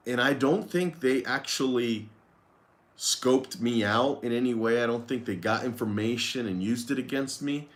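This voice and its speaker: A man's voice: medium pitch, a bit bright. A man who runs a lawn care business, candidly telling a story in a casual vlog, rambling and swearing freely.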